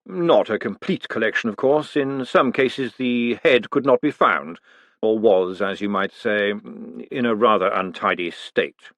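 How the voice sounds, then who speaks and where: A man voicing a cold, dry, menacing aristocratic male tyrant, speaking slowly and precisely. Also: lowish voice, fairly bright tone, no room sound. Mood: cool menace. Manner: slow, measured, precise and icy.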